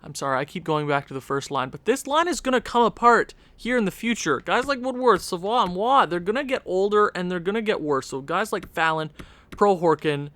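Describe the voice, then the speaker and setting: A man's voice: sits high, a bit bright, no echo. A man giving casual, rambling commentary while he plays a video game, correcting himself as he goes. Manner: rambling, chatty, self-interrupting. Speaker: gaming channel host.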